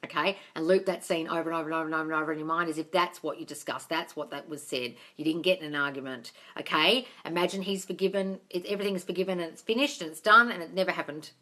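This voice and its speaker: Woman, manifesting coach, casual live Q&A, blunt, swears, says darling a lot, bright forceful voice, phone mic. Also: low-pitched, quick pace, few pauses. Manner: blunt, swears freely, calls listeners darling.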